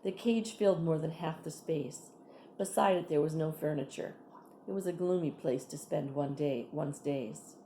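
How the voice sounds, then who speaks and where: Lady reading a story out loud, low mellow voice, slow and easy. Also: roomy sound, a little hiss or hum. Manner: plain, unhurried reading with asides to listeners. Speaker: reader. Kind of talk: reading a novel aloud.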